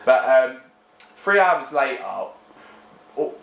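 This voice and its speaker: A man's voice: medium pitch, takes it slowly. A young man on a podcast, telling stories and acting out the voices of others. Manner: animated, acts out voices in anecdotes. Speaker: podcast guest. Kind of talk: casual storytelling chat. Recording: echoey room.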